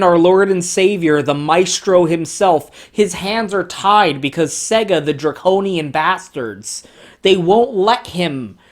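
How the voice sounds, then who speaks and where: A man giving a profane, sarcastic commentary while reading from comic panels. He swings between excited outbursts and mocking lows. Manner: sarcastic, profanity-laden ranting. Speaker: comic book reviewer.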